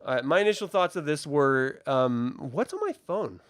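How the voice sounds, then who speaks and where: A man's voice: on the high side, expressive, normal speed, fairly bright tone, clear, resonant tone, dry recording. A man co-hosting a casual podcast, sarcastic and profane, often slipping into mocking voices. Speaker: podcast co-host. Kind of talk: casual chat.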